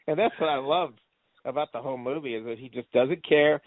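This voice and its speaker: A man co-hosting a movie review chat, laughing often as he retells scenes with excitement. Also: mid-range voice, no echo. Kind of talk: casual chat. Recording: tinny phone-like dry sound.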